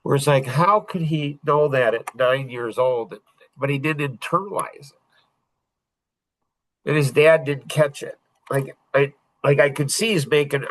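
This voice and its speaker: A man speaks slowly and thoughtfully as he shares a personal story, often pausing and restarting his sentences. His voice sits at an ordinary pitch, and the recording is close and dry with no room sound. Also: a bit bright, no room sound, low-quality recording. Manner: reflective and halting, many pauses and restarts. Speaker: podcast host.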